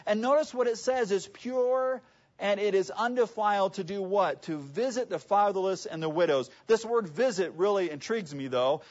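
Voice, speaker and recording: A man preaches a sermon conversationally, often tossing rhetorical questions to the audience. His voice sits high, and the recording has a dull, lo-fi sound.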